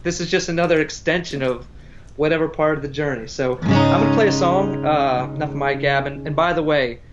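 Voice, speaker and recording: A man's voice: a little high, brisk, dull audio, over loud music. A man chatting casually as a guest musician, telling a story in a rambling, self-interrupting way. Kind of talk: casual livestream chat between songs.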